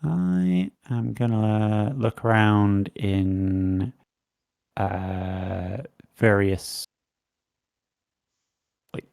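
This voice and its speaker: A man's voice: lowish voice, flat delivery, gravelly, darkish tone, dry recording, studio quality. A man playing a tabletop game, musing aloud with many hums in casual chat. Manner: slow, musing, lots of hums. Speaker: player.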